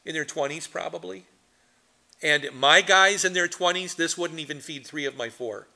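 A middle-aged pastor leads a Bible study in a forceful, sharp-edged, creaky voice that sits slightly high for a man. Speaking at a moderate pace, he teaches like an animated storyteller and drifts into asides.

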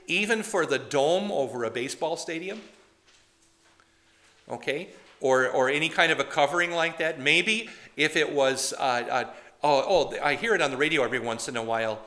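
A man's voice: a little high, sharp tone. A man preaching a conversational sermon, chatty and digressive, often asking the congregation questions.

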